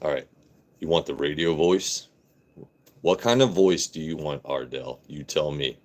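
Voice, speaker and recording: A man from Southern Maryland hosting a casual livestream, talking to his chat and letting his voice drop deep and blunt. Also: a little slow. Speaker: livestream host.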